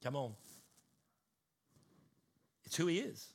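A man's voice: on the high side, big pitch swings, takes it slowly, creaky, breathy edge. A man preaching a sermon to his congregation, building emphatic rising cadences and teaching word meanings. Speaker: pastor.

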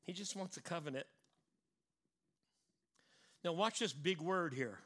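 A middle-aged man preaching a sermon in an animated way, stressing and repeating his points. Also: fairly high pitch, unhurried.

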